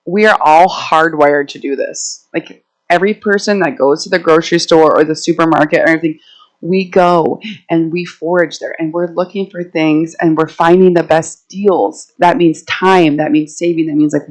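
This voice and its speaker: This low-quality recording captures a woman with a voice on the low side, an herbalist addressing a live audience in an indoor meeting room. Walking around as she speaks, she keeps things casual and chatty, telling stories and laughing often.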